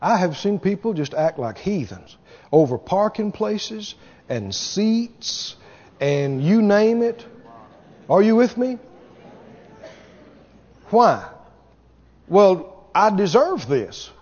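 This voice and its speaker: A man's voice: sits high, sing-song, takes it slowly, pauses often, darkish tone. A man pastor preaching a sermon, emphatic and repetitive, throwing rhetorical questions at the congregation. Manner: emphatic, repeats key words, asks rhetorical questions. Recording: dull recording with long hall reverb.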